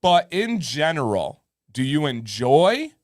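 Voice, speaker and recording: Lively storytelling man, dry sound. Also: fairly high pitch, takes it slowly, no echo. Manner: lively storyteller who acts out kids' voices. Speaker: co-host of a live advice show. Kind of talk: casual chat.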